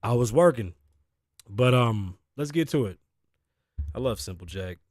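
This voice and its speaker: Hosting his own show, a tired, sleepy man from the Bronx, New York, delivers a casual solo monologue that is rambling, profane and self-deprecating. His mid-range voice is expressive and a little mellow, at a measured pace. The recording is dry and studio quality, made on a studio mic through an audio interface.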